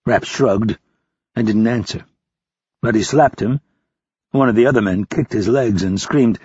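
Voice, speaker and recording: A man reading a thriller audiobook in steady, expressive scripted narration. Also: fairly low pitch, moderate pace, slightly rough, dry recording. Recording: dry, slightly dull lo-fi.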